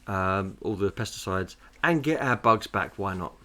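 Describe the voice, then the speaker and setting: A man's voice: low voice, expressive, moderate pace, sharp tone. A man co-hosting a podcast in casual chat, jokey and swearing freely. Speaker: podcast co-host.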